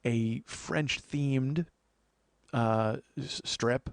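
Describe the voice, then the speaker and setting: A man's voice: medium pitch, very slow, vocal fry, clear, resonant tone, dry recording, studio quality. A man hosting a comedy podcast, chatting casually and jokily, rambling with frequent restarts. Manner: rambling, joking, lots of "uh" restarts. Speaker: podcast host.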